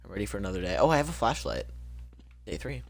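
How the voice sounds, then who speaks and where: A man's voice: fairly low pitch, very animated, fast talker, creaky, dry recording. A young man casually commenting on his own gameplay, joking and exclaiming as he goes. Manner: jokey, exclaiming, talking to himself. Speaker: streamer.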